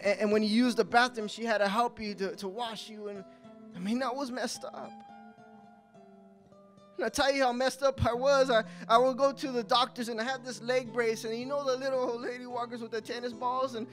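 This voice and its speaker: Soft music plays as a young man briskly gives a live testimony at a coffee house. Though his intonation stays fairly even overall, he speaks with strong emotion, his voice rising at tense points and dropping in sad ones.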